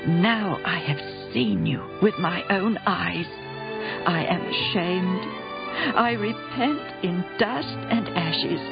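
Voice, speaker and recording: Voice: mid-range voice, slow, vocal fry. A storyteller voicing a humbled old man who earnestly pleads and repents. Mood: pleading. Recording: dull lo-fi recording with music.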